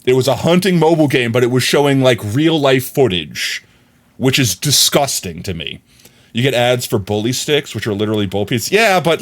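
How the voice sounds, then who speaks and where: Animated young man telling stories. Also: medium pitch, a little fast. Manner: animated storyteller, often laughing. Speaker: livestreamer. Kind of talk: casual livestream chat.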